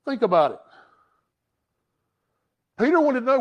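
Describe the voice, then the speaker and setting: A man preaching a Sunday sermon to his congregation, his voice sitting unusually high and leaping around with lively inflection. He hammers points home loudly, then drops to a near hush for emphasis. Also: a little slow. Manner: emphatic preaching that swings from loud to hushed. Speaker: pastor. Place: church sanctuary.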